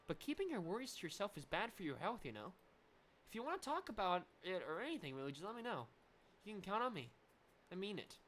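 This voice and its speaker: Woman reading gentle female teacher, soft-spoken, bright voice, game dialogue. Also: mid-range voice, very animated, fast talker, a little hiss or hum. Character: kind, reassuring female teacher, calm. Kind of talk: reading visual novel dialogue aloud.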